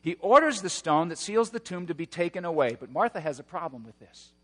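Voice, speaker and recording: A man preaching a sermon, moving between hushed, slow passages and loud, roaring emphasis. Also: on the high side, very animated, long reverb tail. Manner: dynamic preaching, swings from hushed to shouting. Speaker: pastor.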